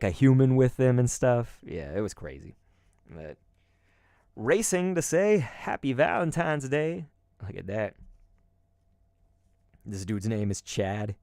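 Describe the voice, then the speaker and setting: Rambling, lively-voiced male card-opening host. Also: mid-range voice, no room sound, clean studio sound. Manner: rambling and nostalgic, with many fillers and asides to viewers. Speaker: YouTube host opening collectible cards. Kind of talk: casual chat.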